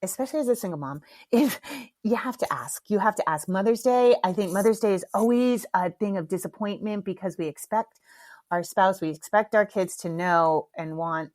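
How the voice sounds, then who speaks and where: A middle-aged woman hosts her podcast in a loose, candid monologue, swearing freely and laughing as she tells a story. Her voice sits at an ordinary, mid-range pitch. The recording is close and dry, with no room sound. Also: moderate pace, darkish tone, no room sound. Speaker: podcast host.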